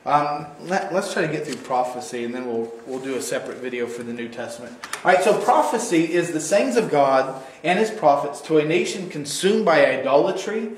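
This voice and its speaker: Casting: male church teacher, slightly higher voice, loose and chatty, echoey room. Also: a little hiss or hum. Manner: casual, digressive, acts out quoted voices playfully. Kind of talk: recorded teaching video.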